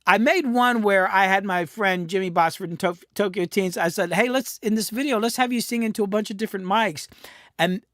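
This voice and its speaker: Profane, rambling man with a high voice. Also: fairly quick, a bit bright, no echo, studio quality. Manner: rambling, profane, frequent restarts. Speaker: music producer hosting a live stream. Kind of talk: casual live-stream chat. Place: home recording studio. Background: cats in the room.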